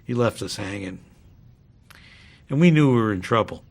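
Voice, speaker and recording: A man, a former sitcom cast member, telling a rambling anecdote in a relaxed interview. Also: lowish voice, moderate pace, creaky. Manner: rambling, relaxed, many fillers.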